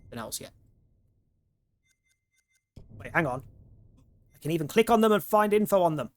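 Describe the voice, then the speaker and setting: A man's voice: a little high, lively intonation, normal speed. A man streaming a horror game, commenting casually and laughing often. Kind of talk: let's play commentary.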